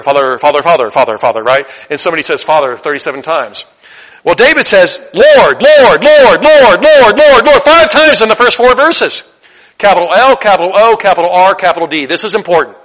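A man with a slightly high voice preaches a sermon as a pastor. He starts out chatty and conversational, then builds to loud, emphatic repetition.

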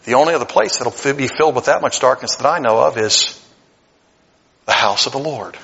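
A pastor preaching a sermon, animated and conversational, swinging between loud emphatic passages and hushed earnest asides. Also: male voice, medium pitch, brisk, vocal fry, highs cut off. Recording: long hall reverb.

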